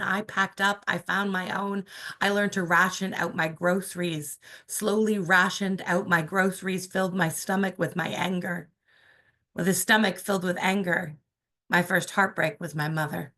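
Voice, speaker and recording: A young woman with a Canadian accent performing her own spoken word poems, slow and measured, with casual asides between pieces. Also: lowish voice, steady tone, sharp tone. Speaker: poet. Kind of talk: spoken word poetry reading.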